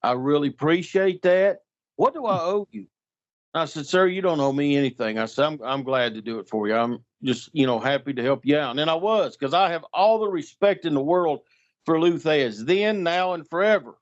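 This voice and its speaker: A man's voice: fairly high pitch, normal speed. A middle-aged man telling a story in casual talk, acting out the voices of the people in it. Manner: animated, acts out voices in anecdotes. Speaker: guest storyteller. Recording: dull lo-fi sound.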